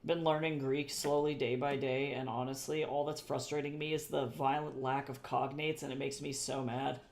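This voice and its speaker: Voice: mid-range voice, little pitch movement, moderate pace. An artist chatting casually during a live drawing stream, rambling, correcting themself often, and swearing now and then. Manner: chatty and rambling, with frequent self-corrections and repeated phrases; swears casually and laughs at own jokes.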